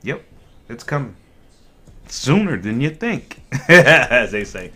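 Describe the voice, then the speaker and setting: A man's voice: mid-range voice, takes it slowly. A man hosting a casual cannabis livestream, chatting animatedly with viewers and laughing often. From Ohio. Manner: animated, laughing, talks to chat.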